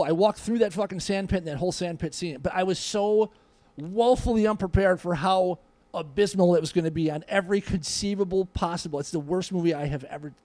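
A man in his forties, a podcast guest, telling stories in an animated, profane, casual way. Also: high-pitched, dry recording.

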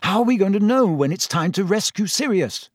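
A man's voice: high voice, expressive, fairly quick, no room sound, studio quality, voice pushed up. Harry, a man doing an urgent teenage boy. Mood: pleading. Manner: quiet, urgent pleading. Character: determined teenage boy wizard.

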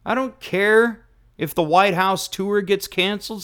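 A man's voice: sits high, unhurried, a bit bright, clear, resonant tone. A man hosting a talk radio show, delivering a sarcastic, mocking rant. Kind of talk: opinion radio monologue.

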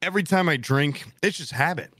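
A young man telling a story in casual chat, animated and jokey, swearing often. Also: on the high side, a little fast, no room sound, studio quality.

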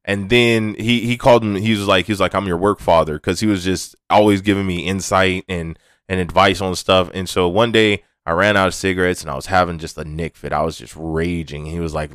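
A man's voice: low-pitched, fairly quick, fairly bright tone, smooth, no room sound, studio quality. A young adult man hosting a casual, rambling, candid monologue, with frequent restarts and swearing. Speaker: podcast host.

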